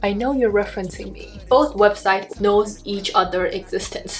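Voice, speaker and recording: A young woman student giving a playful, chatty scripted explanation in an educational vlog. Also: medium pitch. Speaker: student video creator. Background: background music.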